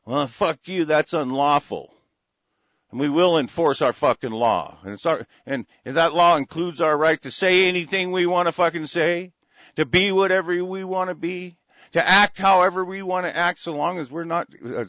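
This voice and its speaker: A man's voice: sits high, brisk, fairly bright tone, no room sound, lo-fi sound. A man from the United States ranting angrily to his audience, cursing constantly and restarting his sentences often. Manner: angry, profane, repetitive with frequent restarts. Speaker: political commentator.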